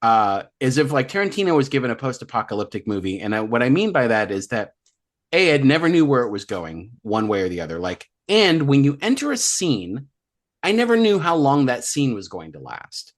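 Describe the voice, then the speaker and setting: A man's voice: mid-range voice, very animated, brisk. A man co-hosting a movie podcast, chatting casually and rambling through his points. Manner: rambling, many fillers and restarts. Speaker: podcast co-host. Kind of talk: casual chat.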